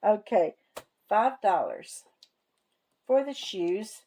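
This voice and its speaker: Slow-talking folksy woman counting cash. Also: medium pitch, lively intonation, darkish tone, low-quality recording. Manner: folksy, talks to herself while counting money aloud. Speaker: savings channel host. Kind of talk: casual cash-stuffing vlog narration.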